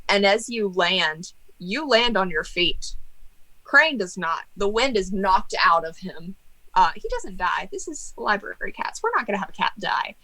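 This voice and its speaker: Bright-voiced young woman running a tabletop game. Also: mid-range voice, unhurried, poor audio. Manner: animated, laughing, mock-angry banter. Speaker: game master.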